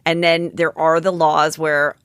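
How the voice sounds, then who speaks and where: A woman in her forties hosts a casual gossip podcast with a fairly low voice. She talks animatedly, stumbling and restarting as she jumps between stories. The sound is dry and close. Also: level tone, measured pace, fairly bright tone, clear, resonant tone, dry recording. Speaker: podcast host.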